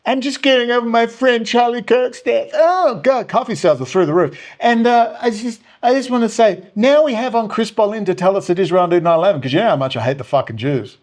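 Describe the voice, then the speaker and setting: A man's voice: extremely high pitch, lively intonation, a little fast, hardly any pauses. A man putting on a sarcastic, sing-song voice of a smug female podcaster. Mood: mocking. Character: mocked female political podcaster, chirpy and smug.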